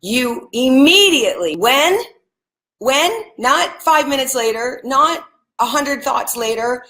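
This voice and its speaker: A woman's voice: a little high, fairly bright tone. A woman giving a live spiritual talk, speaking earnestly and straight to her viewers and repeating phrases like mantras. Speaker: spiritual teacher. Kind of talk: live-streamed motivational teaching.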